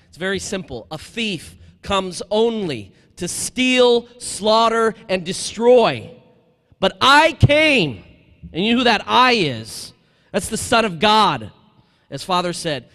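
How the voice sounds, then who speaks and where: A man who is a priest, giving an energetic talk in a hall, calling out for the crowd to answer him. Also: on the high side, clean studio sound. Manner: energetic, animated, calls for crowd replies. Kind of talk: lively parish talk.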